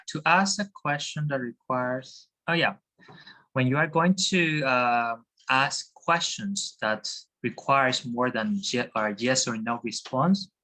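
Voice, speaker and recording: A man's voice: medium pitch, pushed and bright, rough recording. A man teaching a class over a video call, hesitant, with many fillers and restarts. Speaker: Spanish teacher.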